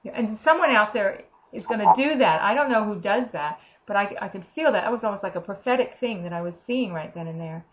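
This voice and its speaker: A woman's voice: medium pitch, expressive, a little fast, few pauses, dull audio. A woman giving an informal, earnest sermon, talking conversationally and acting out the voices of the people she quotes. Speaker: preacher.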